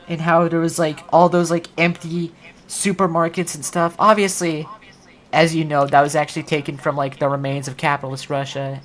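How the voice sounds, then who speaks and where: Low-voiced woman rambling on stream. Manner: rambling, lots of "like" fillers. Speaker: livestream host. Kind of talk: casual stream chat.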